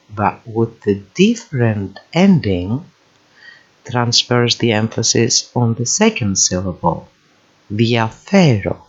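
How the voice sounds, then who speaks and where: A man with as his teaching from slides, patient and careful, pronouncing words clearly for the listener to repeat. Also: fairly low pitch. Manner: slow, patient, enunciates words for repetition. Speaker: language teacher. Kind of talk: recorded slide lesson voice-over. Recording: dull lo-fi voice-over.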